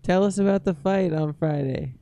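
A man's voice: high-pitched, normal speed, creaky, dark tone, a little hiss or hum. A young man co-hosting a podcast in casual chat, joking around with goofy wordplay and laughing often. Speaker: podcast co-host.

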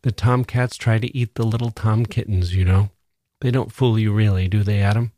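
A man's voice: on the low side, steady tone, normal speed, mellow, natural voice. A man reading the part of a sardonic, ill young woman reporter, muttering her thoughts aloud. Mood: bitter.

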